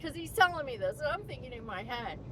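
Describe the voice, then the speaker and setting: A woman's voice: very animated, quick pace, rough recording. A woman rambling casually to her camera, often laughing and swearing as she jokes darkly. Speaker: vlogger. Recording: loud rumbling road noise behind.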